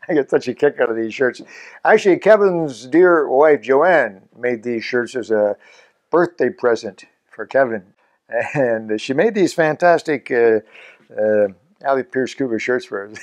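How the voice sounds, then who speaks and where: A man in his seventies from Canada, a scuba instructor hosting his own channel, talking casually to the camera in a chatty, self-mocking way with chuckles between points. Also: mid-range voice. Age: 70s.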